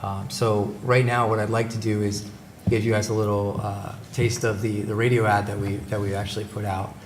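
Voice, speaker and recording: A man's voice: on the low side, little pitch movement, brisk. A man giving a formal presentation at a public meeting, hesitant, with many fillers and restarts, on a table microphone in an echoey meeting room with background noise. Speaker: presenter for a company's supplier outreach.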